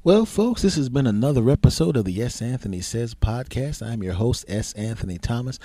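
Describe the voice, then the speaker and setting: A man with a mid-range voice and lively intonation hosts his own solo podcast, talking fairly quickly over some background noise. He tells a comic story in a loose style, swearing and acting out the people in it.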